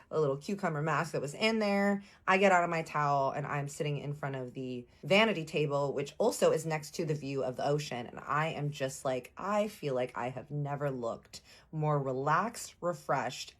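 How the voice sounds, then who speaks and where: A young woman from Texas telling a personal story in a casual vlog, animated, playful and slangy. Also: low-pitched.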